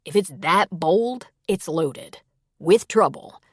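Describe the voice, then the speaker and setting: A woman's voice: on the low side, animated, takes it slowly, slightly rough, no room sound, clean studio sound, full character voice. A woman voicing an easygoing male army veteran with a teasing, wry manner, in an audiobook.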